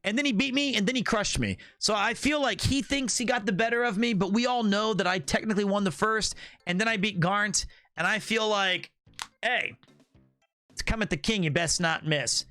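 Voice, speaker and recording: A man streaming casual chat with his viewers in an animated, playful way, riffing on slang and trip stories and laughing at his own jokes. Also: high voice, a little fast, no room sound, soft background music. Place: Tokyo, Japan.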